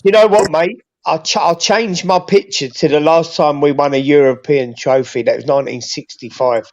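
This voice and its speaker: Male guest, high voice, keen questioner, muffled lo-fi call sound. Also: fairly even intonation, moderate pace. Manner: eager, asks lots of questions. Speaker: guest on a live stream. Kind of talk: casual group chat.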